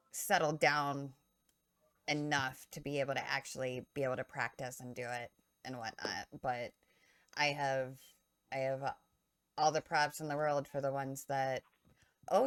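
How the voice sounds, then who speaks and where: A woman with a notably low voice chats loosely on a podcast, wandering off her point and correcting herself as she goes. The sound is close and dry, with no room around her. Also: a bit bright, no room sound. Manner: rambling, loses her train of thought; filler-heavy, self-correcting. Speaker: podcast co-host. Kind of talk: casual live-stream chat.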